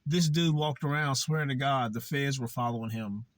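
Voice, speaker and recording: A man's voice: mid-range voice, normal speed, no room sound. A young man vlogging, telling a candid personal story in a blunt, profane, conversational way.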